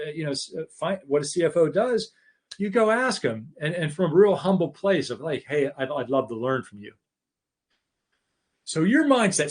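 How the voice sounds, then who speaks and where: A middle-aged man giving a conversational leadership masterclass, restarting phrases often and acting out short bits of dialogue. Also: on the high side. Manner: conversational, many restarts, acts out quoted dialogue. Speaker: keynote speaker on leadership. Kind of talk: live masterclass talk.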